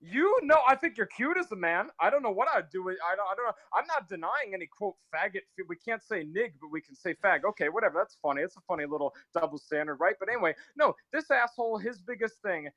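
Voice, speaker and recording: A man on a live stream, arguing aggressively and profanely, swinging between shouting and sudden quiet. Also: high voice, expressive, fast talker, few pauses, dry recording, rough recording. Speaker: guest on a live call-in stream. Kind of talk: heated live-stream argument.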